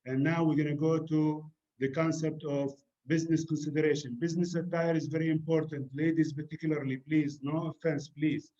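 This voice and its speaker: A man's voice: a little high, flat delivery, fairly quick, hardly any pauses, warm tone. Chatty Emirati man, dull lo-fi sound. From United Arab Emirates. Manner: chatty and direct, with many fillers and asides. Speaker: cultural etiquette speaker. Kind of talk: informal talk to an audience.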